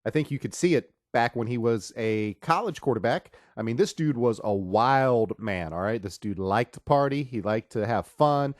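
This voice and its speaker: A man hosting a podcast, casually rambling through joking sports stories after a loud, drawn-out opening. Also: medium pitch, expressive, no echo, studio quality. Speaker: podcast host.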